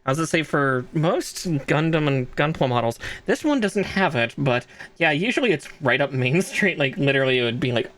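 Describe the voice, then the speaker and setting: A man chatting casually as a co-host on a stream, agreeable and quick to laugh. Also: fairly high pitch, lively intonation, fairly bright tone. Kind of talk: casual chat.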